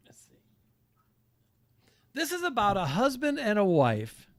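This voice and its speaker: A man's voice: high voice, huge pitch swings, measured pace, dry recording. A man hosting a live music stream, chatting casually and laughing as he tells stories behind songs. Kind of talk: casual livestream chat and storytelling.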